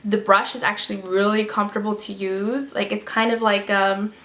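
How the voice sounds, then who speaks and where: A woman's voice: medium pitch, level tone, normal speed, a bit bright. A woman giving a casual, chatty product review with lots of fillers and emphatic repeats. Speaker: beauty vlogger. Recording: roomy echo.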